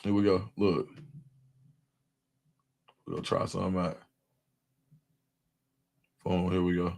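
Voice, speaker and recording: A man's voice: low-pitched, slow pace, gravelly. A young man hosting a live stream, chatting casually in slang and reacting to viewers' comments. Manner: animated, slangy, reads chat comments aloud.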